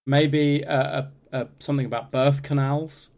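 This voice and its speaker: A man's voice: a little high, flat delivery, normal speed, vocal fry, darkish tone. A man from northern England co-hosting a podcast, riffing jokily in casual chat with lots of restarts. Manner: jokey, riffing, trailing restarts. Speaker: podcast co-host.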